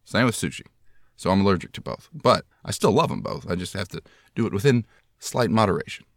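Male podcast host, deep voice, self-deprecating storyteller, dry close mic. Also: lively intonation, fairly quick, no echo. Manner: rambling, self-deprecating, jokey.

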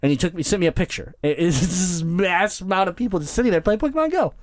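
Fairly high-voiced man telling a story. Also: expressive, fast, no echo, studio quality. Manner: laughs often, repeats words, acts out quoted voices. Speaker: podcast host. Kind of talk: casual chat, animated storytelling.

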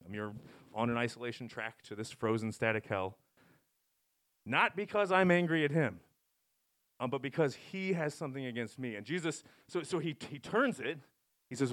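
A man preaching a casual, conversational sermon, rambling and self-interrupting with wry asides and animated swings. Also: medium pitch, normal speed. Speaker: pastor.

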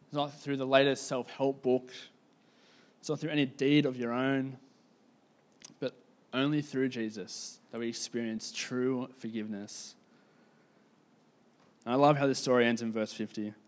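A man preaching a sermon in a casual, conversational storytelling way, with lots of "like" fillers and slowing down to stress key points. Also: medium pitch, steady tone. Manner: casual, filler-heavy, slows down for emphasis.

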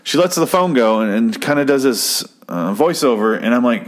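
A young man from Arizona chatting casually, rambling and profane, with deadpan jokes. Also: medium pitch, moderate pace. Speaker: podcast host reviewing an episode. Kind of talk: casual chat.

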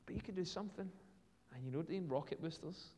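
A British pastor preaches in a relaxed, conversational manner, telling stories and slipping in casual fillers. His voice sits a little high for a man, and the long reverb of a large church hall trails after each phrase. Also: fast talker, breathy edge. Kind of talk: sermon.

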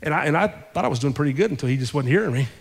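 A male pastor telling a story in his sermon, conversational and animated, repeating his phrases for effect. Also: fairly high pitch, rapid-fire, in a large hall. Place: church sanctuary.

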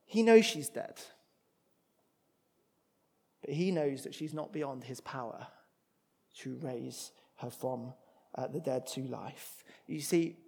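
A man preaching a sermon, expressive, moving between loud emphatic passages and hushed ones. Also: medium pitch, takes it slowly, creaky, long pauses, husky.

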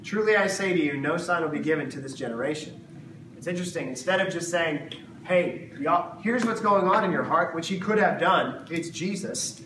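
Male Bible teacher, high voice, chatty and humorous, recorded in an echoey room. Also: animated, moderate pace. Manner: conversational, jokey, acts out voices of the disciples. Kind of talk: casual Bible teaching to a small group. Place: room with a live group. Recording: echoey room, distant mic, noisy background.

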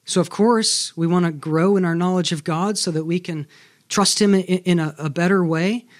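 A man's voice: high-pitched, steady tone, normal speed. A man preaching a sermon as a pastor, earnest and emphatic, often turning to the congregation with rhetorical questions.

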